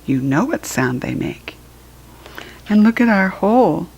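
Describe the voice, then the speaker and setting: A woman reading a children's picture book aloud in a gentle manner, talking straight to young listeners and often dropping into a whisper. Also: mid-range voice, very animated, measured pace, gravelly, breathy edge, muffled recording.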